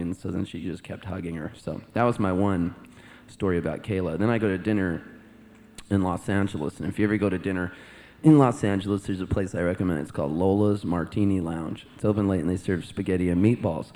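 A man's voice: low voice, fairly even intonation, a little fast, mellow. A male singer-songwriter on stage, telling a rambling, amused story between songs into a vocal mic.

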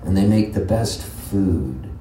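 A Canadian-born singer-songwriter chatting and telling jokes to a live audience between songs. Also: male voice, low-pitched, lively intonation, slow pace, dark tone, a little hiss or hum. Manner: joking, chatty storyteller. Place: live music venue. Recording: roomy live room, distant mic, guitar under speech.

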